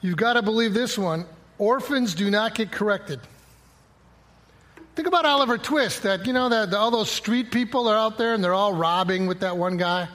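A man's voice: sits high, normal speed, fairly bright tone. A middle-aged man preaching a conversational sermon, quoting scripture and acting out little dialogues. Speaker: pastor.

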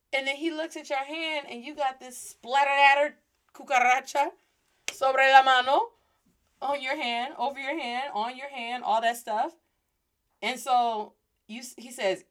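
Playful, high-voiced woman teaching Spanish. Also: moderate pace, fairly bright tone. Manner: playful, mixes Spanish into English, acts out scenes. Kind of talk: energetic casual language lesson.

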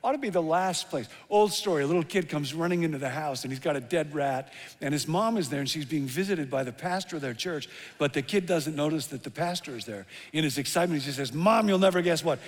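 A middle-aged male pastor preaching a sermon, telling stories with lively emphasis that drops to hushed tones. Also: on the high side, fast. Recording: long hall reverb.

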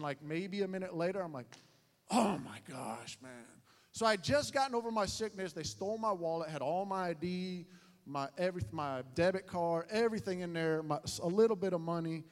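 A man preaching from a church sanctuary, his fairly high voice bouncing through a long echo. He tells stories with lively, self-mocking animation and keeps shifting into voices. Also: fast. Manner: animated, self-mocking storyteller with many voice changes. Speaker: pastor. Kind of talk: sermon storytelling. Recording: echoey hall with long reverb.

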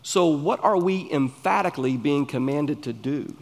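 A man with a Southern US accent, preaching a sermon in an earnest, emphatic way with pauses between phrases. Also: on the high side, lively intonation. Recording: long hall reverb.

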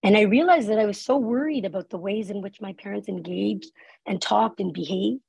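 A woman's voice: mid-range voice, a little fast, creaky, a little mellow, breathy edge, dry recording, low-quality recording. A woman speaking on workplace inclusion, telling a personal story in an earnest, conversational way, often saying "like" and "right?". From Canada. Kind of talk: live talk with a personal story.

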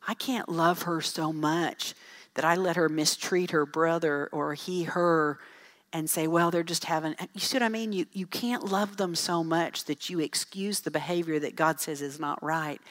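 A middle-aged woman speaking to a church audience, telling folksy, animated stories with asides about parenting. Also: deep voice, a little slow. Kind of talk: storytelling talk to an audience.

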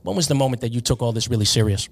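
A man hosts a casual podcast interview, winding his way through long, thoughtful questions. His voice sits at an ordinary middle pitch. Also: animated, rapid-fire, gravelly. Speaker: podcast host and referee.

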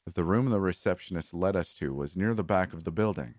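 A man giving a measured, steady scripted narration of a horror story. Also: low voice, no echo, clean studio sound.

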